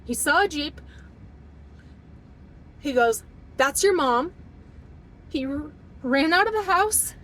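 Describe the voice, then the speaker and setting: A woman's voice: expressive, slow, pauses often, fairly bright tone, rough recording. A woman in her thirties telling a painful personal story, her voice shaky as she holds back tears. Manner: fighting back tears, voice dropping low and shaky.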